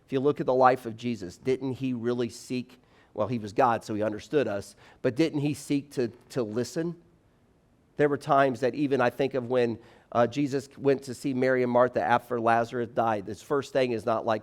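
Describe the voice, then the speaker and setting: Animated man giving a campus chapel talk. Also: mid-range voice, normal speed. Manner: animated, conversational, acts out little scenes. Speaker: campus speaker.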